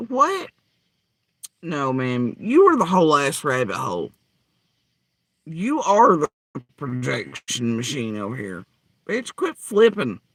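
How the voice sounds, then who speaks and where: A man's voice: fairly high pitch, fairly bright tone, no room sound. A man ranting angrily and profanely in reaction to clips, mocking and heated. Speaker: commentary host. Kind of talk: angry reaction rant.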